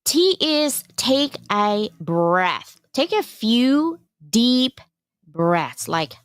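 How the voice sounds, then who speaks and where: A woman's voice: fairly high pitch, sing-song, very slow, clear, resonant tone, dry recording, studio quality. A woman giving a casual live presentation as a workshop presenter, chatty and encouraging, with frequent digressions.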